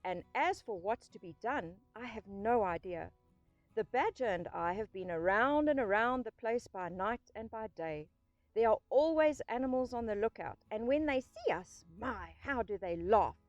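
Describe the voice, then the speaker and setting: Woman playing a shabby, excitable storybook mole, high and squeaky, grumpy when hungry. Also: moderate pace, dry recording, muffled recording, faint music behind, close to an everyday voice. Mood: grumbling. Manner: excited, cheering, then grumbling.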